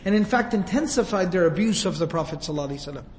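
Man, preacher, emotive sermon, high voice, echoing hall. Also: animated, very fast, darkish tone, a little hiss or hum. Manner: emotive, retells scenes with quoted voices. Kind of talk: sermon storytelling.

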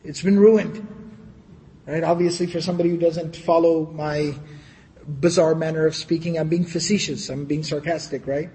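Animated high-voiced man lecturing. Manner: animated, sarcastic asides, recites Arabic quickly. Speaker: Islamic lecturer. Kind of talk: storytelling lecture. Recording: long hall reverb.

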